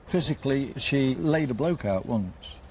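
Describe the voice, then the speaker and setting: A man's voice: medium pitch, expressive, unhurried, a little mellow, slight background noise. Plain-spoken man giving brief replies. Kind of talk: casual conversation.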